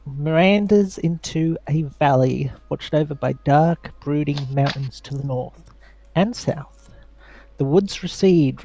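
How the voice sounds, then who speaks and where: Brief: measured game-master narrator, man, with some vocal fry. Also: fairly high pitch, dark tone.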